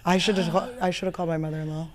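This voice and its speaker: A woman's voice: fairly low pitch, flat delivery, rapid-fire, a little mellow. A woman hosting a podcast in a studio, rambling through self-mocking comic stories in casual chat. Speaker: podcast host.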